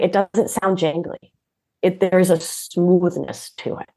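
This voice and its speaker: Woman expert guest, lower voice, lively and explanatory. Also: a little slow, gravelly. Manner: animated, expressive explainer, often asks "right?". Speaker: podcast guest, nurse practitioner and coach. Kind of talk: conversational interview.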